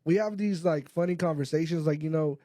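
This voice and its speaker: A man's voice: on the high side, brisk, dark tone, no room sound, clean studio sound. A man telling rambling, filler-heavy anecdotes in casual comedy podcast chat. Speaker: podcast co-host or guest.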